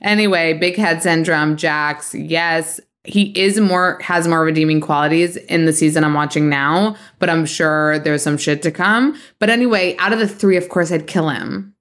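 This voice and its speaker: Gossipy, animated woman podcast host. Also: deep voice, moderate pace, hardly any pauses. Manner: gossipy, animated storytelling with many "like"s and bursts of laughter. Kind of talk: casual chat.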